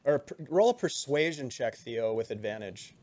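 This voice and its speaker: A man narrating as game master in a relaxed, loose way. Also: mid-range voice, moderate pace, no room sound. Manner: relaxed, loose, lots of ums and restarts, chuckles.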